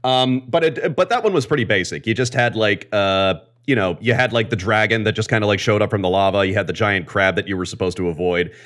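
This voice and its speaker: A man's voice: fairly low pitch, brisk, few pauses, fairly bright tone. A man appearing as a podcast guest, explaining comics in a rambling, enthusiastic way. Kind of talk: casual podcast chat.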